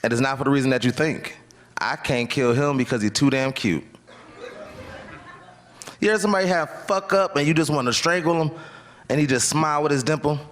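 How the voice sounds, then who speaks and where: A man's voice: fairly high pitch, brisk, pauses often, a bit bright, a little hiss or hum. A man doing a stand-up set at a comedy club, with a laid-back, drawling delivery. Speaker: stand-up comic.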